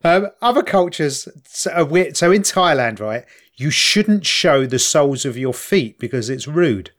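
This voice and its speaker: A man's voice: a little high, lively intonation, unhurried, a bit bright. Blunt, crude man bantering. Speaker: podcast co-host. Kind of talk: casual chat.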